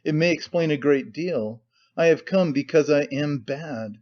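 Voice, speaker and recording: A man's voice: a little high, unhurried, close to an everyday voice. A man playing a bitter, tormented young man who speaks wearily and breaks into despair, in a slightly muffled recording. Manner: weary, brooding, bursts of despair.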